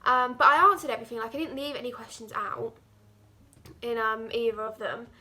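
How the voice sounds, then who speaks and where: A woman's voice: fairly high pitch, brisk, sharp tone. A teenage girl from England chatting casually to her vlog camera, rambling with lots of "like". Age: teens. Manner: chatty, rambling, heavy use of "like". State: out of breath. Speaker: vlogger.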